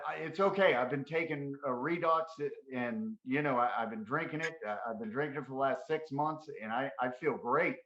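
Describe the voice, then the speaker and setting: A man's voice: medium pitch, roomy sound, dull audio. A man on a call, animatedly telling a story and acting out the dialogue in it. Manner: animated, acts out quoted dialogue. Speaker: caller giving a testimonial. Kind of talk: casual storytelling.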